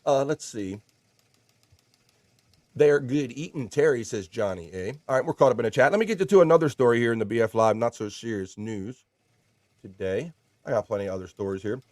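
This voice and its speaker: A man's voice: on the low side, expressive, fast talker, darkish tone, no echo, studio quality. A man hosting a casual livestream, chatting and reading viewer comments aloud in a jokey, playful way. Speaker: livestream host.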